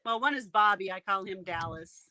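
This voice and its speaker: An older woman talks casually on a panel show in a bright, forceful voice. She is chatty and upbeat and laughs easily. Her pitch is ordinary for a woman. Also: normal speed. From South Dakota, USA.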